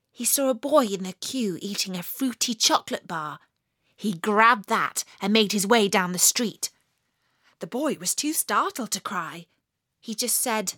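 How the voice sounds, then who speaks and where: A woman narrating a children's story in a lively, expressive way, slowing for emphasis. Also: mid-range voice, no echo, clean studio sound.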